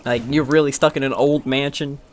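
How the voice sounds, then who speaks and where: A man's voice: medium pitch, fairly even intonation, brisk, a little hiss or hum. A man guesting on a casual let's-play, chatting and offering helpful game tips. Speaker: guest co-commentator.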